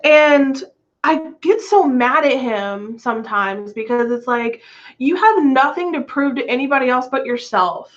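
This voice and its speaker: Chatty astrology vlogger lady, kinda high voice, muffled lo-fi sound. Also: a little slow. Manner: chatty, laughs often, swears casually. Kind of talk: casual chat. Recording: lo-fi dull sound.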